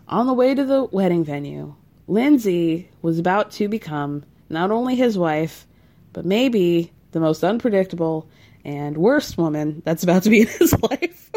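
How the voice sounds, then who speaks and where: A woman hosting a casual recap of a reality show, talking to her viewers in an animated, gossipy way and laughing often. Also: fairly low pitch.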